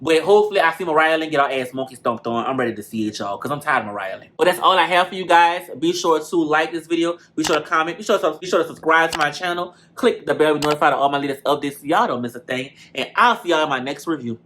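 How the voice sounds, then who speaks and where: A man with a bright, fairly high voice runs through a reality show episode for his viewers. He talks in an animated, gossipy way, swearing freely and calling everyone y'all. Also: fast, hardly any pauses, slight background noise. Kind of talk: casual recap commentary.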